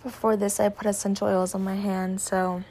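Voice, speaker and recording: A woman guiding a meditation, speaking slowly and softly, often slipping into a whisper. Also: medium pitch, flat delivery, slight background noise. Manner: slow, soft-spoken, drifting into whispers; warm spiritual affirmations. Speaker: meditation guide. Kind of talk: guided meditation.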